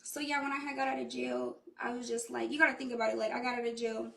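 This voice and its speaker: Young female artist, raspy fry, casual rambling story time, roomy and off-mic. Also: fairly high pitch, level tone, fast, a bit bright. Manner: loose, profane storytelling full of "like". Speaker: recording artist. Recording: echoey room, voice far from mic.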